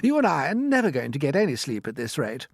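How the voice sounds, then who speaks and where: A man voicing a cheeky, boastful male centipede in a storybook reading, shrill and loud with a mocking tone. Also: huge pitch swings, quick pace, vocal fry, no echo, clean studio sound, heavily acted. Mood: impatient.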